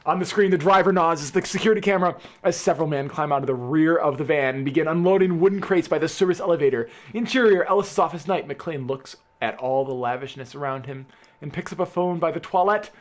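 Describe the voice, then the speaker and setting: A man casually reading a film script aloud with friends, playful and often laughing. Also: fast talker. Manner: playful, laughing, animated with big pitch swings. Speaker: script reader.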